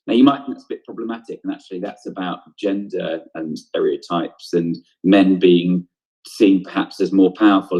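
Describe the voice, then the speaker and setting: A man's voice: on the low side, warm tone, husky, muffled recording. A man teaching an online drama lesson, explaining ideas step by step, asking questions and then answering them, with frequent ums.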